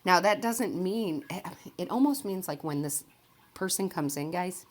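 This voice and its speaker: A woman's voice: lowish voice, lively intonation, measured pace. A woman giving a casual, chatty tarot reading straight to her viewers, rambling and enthusiastic and often breaking into laughter. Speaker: tarot reader and medium.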